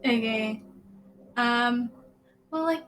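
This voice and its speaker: A woman playing a tabletop game, stammering and halting with many fillers. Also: a little high, fairly bright tone, a little hiss or hum. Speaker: player.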